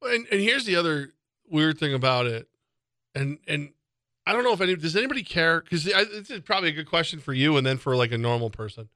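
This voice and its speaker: A man's voice: fairly high pitch, sing-song, quick pace, sharp tone, dry recording. A middle-aged man hosting radio sports talk, rambling and interrupting himself as he tells stories at a studio mic. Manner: rambling, self-interrupting storyteller.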